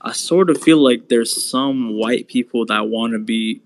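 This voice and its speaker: Calm man in casual podcast chat. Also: medium pitch, measured pace, a little hiss or hum. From Somalia.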